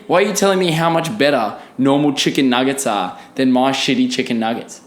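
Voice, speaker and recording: A young man rants on his own podcast, swearing freely and poking fun at himself. His voice sits at a middling pitch, and a roomy echo hangs around it. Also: animated, normal speed. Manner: ranting, profane, self-deprecating. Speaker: podcast host. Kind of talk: solo comedic podcast rant.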